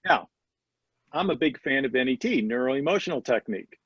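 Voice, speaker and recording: Storytelling man, husky and dry. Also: mid-range voice, expressive, a little fast, fairly bright tone, no echo, muffled recording. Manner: storytelling, acts out quoted dialogue. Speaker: guest, practice mentor. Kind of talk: casual podcast interview. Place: Denver area.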